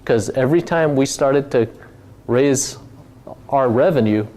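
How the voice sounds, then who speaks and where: A man's voice: medium pitch, a little slow, warm tone. A middle-aged man from Hawaii, a company founder telling his story in a casual talk, rambling with many fillers and restarts.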